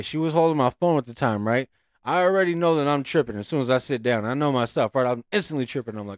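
A man telling a profane, animated story in casual chat on a podcast. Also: mid-range voice, quick pace, no room sound, clean studio sound.

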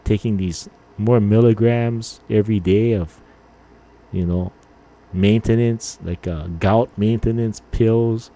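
A man's voice: lowish voice, fairly even intonation, slow, warm tone. A man in his fifties hosting a podcast, chatting casually and rambling with mild swearing and lots of filler words. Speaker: podcast host.

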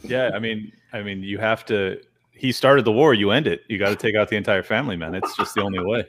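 A man in casual chat, making dry over-the-top jokes in a deadpan way. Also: fairly low pitch. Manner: deadpan joking, fast talker.

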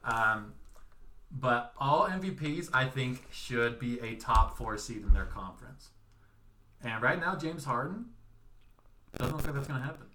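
A young man co-hosting a sports podcast, laid-back and hesitant, sharing opinions with plenty of pauses. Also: medium pitch, lively intonation, sharp tone, slight background noise. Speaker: podcast co-host. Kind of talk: casual sports talk.

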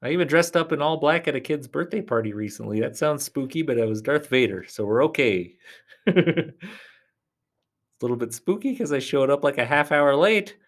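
Speaking directly to his audience, a solo podcast host rambles in a chatty, comforting way, frequently sinking to a soft near-whisper. His voice is fairly high and animated, at a normal speed.

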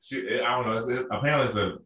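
A man's voice: mid-range voice, racing, bright, forceful tone, recorded from a distance. A man from Arkansas telling a rambling story in casual chat, with many restarts and fillers. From Arkansas, USA. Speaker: podcast co-host. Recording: roomy echo, a bit off-mic.

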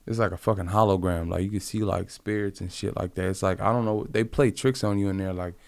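Gravelly low man telling it raw. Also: fairly even intonation, fast, dry recording. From Compton, California. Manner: rambling, profane, slangy speech full of "like". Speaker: interviewee. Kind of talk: casual conversational storytelling.

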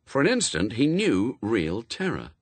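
A man narrating a storybook in a wry, expressive reading, close to the mic. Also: mid-range voice, measured pace, no echo. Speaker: audiobook narrator. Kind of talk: scripted narration.

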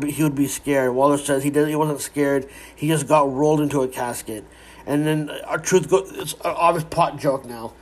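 A man giving a casual, rambling recap of a wrestling show, with frequent restarts and some swearing. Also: mid-range voice.

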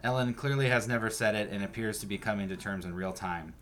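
A male podcast host recapping a TV episode in a steady narrating manner and chatting casually. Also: fairly low pitch, fast talker, a little hiss or hum.

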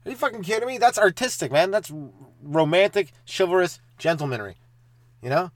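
A man's voice: a little high, no room sound. Rambling, profane male comedian. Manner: loose, rambling, profane, quick asides. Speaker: stand-up comedian hosting a podcast. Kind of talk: rambling solo comedy podcast.

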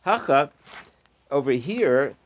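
A man's voice: medium pitch, big pitch swings, takes it slowly. A man giving an informal Talmud lesson, reading the Aramaic text and explaining it in English with frequent fillers and restarts. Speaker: Talmud teacher.

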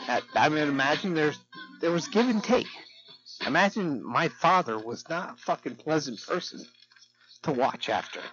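A man's voice: on the high side, animated, normal speed, fairly bright tone. A fifty-year-old man, a little drunk, giving a rambling, profane and emotional personal rant as host of his weekly show. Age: 50s. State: tipsy from drinking. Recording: dull lo-fi recording with music behind.

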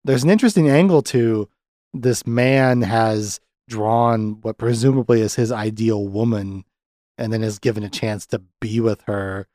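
A man hosting a casual podcast film review, animated, often jumping into high-pitched voices to act out characters' lines and laughing a lot. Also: a little slow, no room sound, clean studio sound. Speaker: podcast host.

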